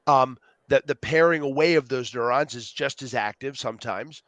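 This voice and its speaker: A man being interviewed as a youth program co-founder, explaining ideas with lively acted-out quotes. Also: mid-range voice, moderate pace, no room sound. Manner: animated storyteller, acts out quotes. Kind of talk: podcast interview.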